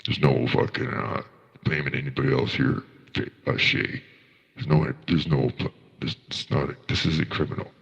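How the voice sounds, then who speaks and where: A man's voice: very deep voice, steady tone, moderate pace, gravelly, slightly rough, in a large hall, lo-fi sound. A man doing casual livestream reaction commentary, ranting in a profane, indignant way.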